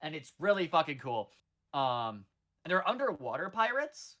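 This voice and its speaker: A bright-toned podcast host in their thirties retells a film with loose, rambling asides. The delivery is sarcastic and peppered with cursing. It sounds like friends chatting about an old favourite. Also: mid-range voice, sing-song, normal speed. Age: 30s. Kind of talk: casual movie recap chat.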